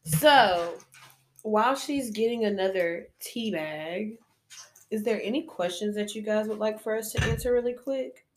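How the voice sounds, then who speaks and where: Woman co-host, blunt and loud about it, cusses a lot, chatty podcast vibe. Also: mid-range voice, a little slow. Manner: blunt, emphatic and profane. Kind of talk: casual chat on a live podcast.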